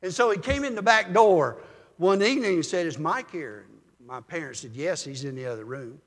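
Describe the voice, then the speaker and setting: An older man preaching a sermon as a pastor, telling folksy stories in a calm, measured way. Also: high-pitched, in a large hall.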